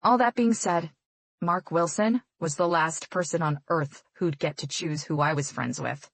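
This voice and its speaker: A woman's voice: sits low, unhurried, dry recording. A woman narrating a romance audiobook in first person with an intimate, reflective manner.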